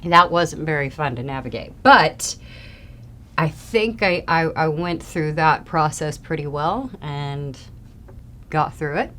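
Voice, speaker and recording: A young adult woman answering fan questions in a casual, chatty way, often trailing off softly. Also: low-pitched, slow, a little hiss or hum. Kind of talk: casual Q&A chat.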